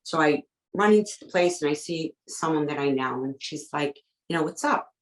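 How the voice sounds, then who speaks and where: A woman with a low-pitched voice speaks at normal speed on a rough recording with a roomy sound. As a podcast guest, she tells a personal story with an urgent, emotional edge, recounting events through quoted back-and-forth dialogue.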